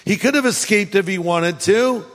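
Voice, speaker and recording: High-voiced, animated Californian pastor. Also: male voice, moderate pace, in a large hall. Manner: conversational, humorous, animated storytelling. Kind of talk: sermon.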